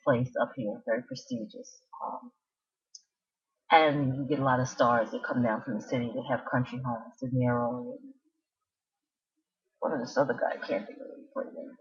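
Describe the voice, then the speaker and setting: Speaking at normal speed, a vlogger with a husky bass voice pauses often as she chats. Her rambling story meanders with asides and restarts, and the lo-fi recording sounds dull.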